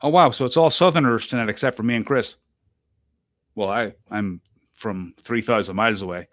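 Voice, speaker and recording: Man, podcast host, casual group chat, self-interrupting, bright tone, dry recording. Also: on the low side, normal speed, dry recording. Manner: chatty, self-interrupting, laughs often.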